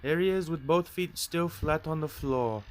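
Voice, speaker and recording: A man with a stuffy, nasal voice putting on a goofy, high-pitched male toy reviewer. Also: moderate pace, slight background noise, natural voice.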